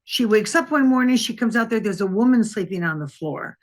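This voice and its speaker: A woman's voice: mid-range voice, expressive, a little fast. Older woman telling police stories. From Wisconsin, USA. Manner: rambling, conversational, frequent restarts and fillers. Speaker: interview guest, former police detective. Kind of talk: anecdotal storytelling in an interview.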